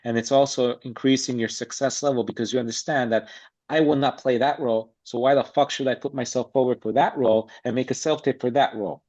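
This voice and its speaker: A man's voice: mid-range voice, fairly even intonation, quick pace, a little mellow. A man speaking as a podcast guest about acting, blunt and emphatic in a streetwise way. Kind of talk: casual interview chat. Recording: slightly dull lo-fi sound.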